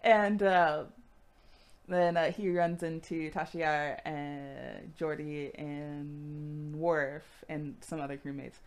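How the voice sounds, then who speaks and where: A woman's voice: deep voice, slow, smooth. A woman co-hosting a podcast, recapping casually with lots of swearing and laughter. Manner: profane, animated, acts out characters with laughs. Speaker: podcast co-host.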